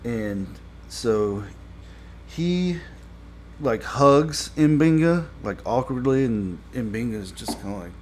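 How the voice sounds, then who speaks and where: A man's voice: medium pitch, lively intonation, takes it slowly. A man giving a casual spoken review of a TV episode. He rambles with many fillers and grows exasperated when he complains.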